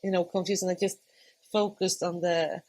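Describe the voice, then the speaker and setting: A woman in her thirties with a lowish voice speaks at a moderate pace on a rough recording. Guesting on a podcast, she shares a personal story in a conversational way, laughing frequently and playfully quoting her own past words.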